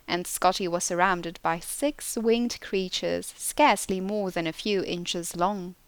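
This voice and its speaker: A woman narrating an audiobook in slow, deliberate storytelling. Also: medium pitch, clean tone, dry recording. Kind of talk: scripted narration.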